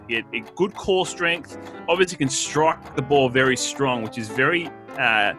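A man, co-hosting a casual sports debate podcast, jokey and rambling with fillers. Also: medium pitch. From Australia. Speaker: podcast co-host.

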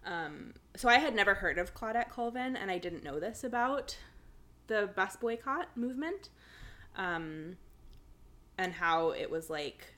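A woman's voice: medium pitch, lively intonation, a little slow, a bit bright. A woman casually reading a passage aloud, adding her own comments and fillers between sections. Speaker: reader sharing a story.

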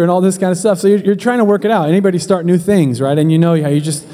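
A man's voice: high voice, a little fast, mellow, big-room sound. A man preaching as a pastor, telling a humorous story in a chatty, joking way and speaking straight to his congregation. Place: church hall.

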